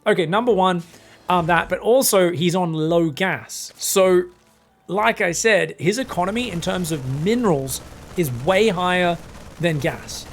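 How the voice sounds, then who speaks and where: A young man casting a strategy game match alone, excitable and crude, swearing freely and joking between plays. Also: sits high, unhurried, slight background noise. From Australia. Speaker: esports caster. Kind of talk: solo game commentary.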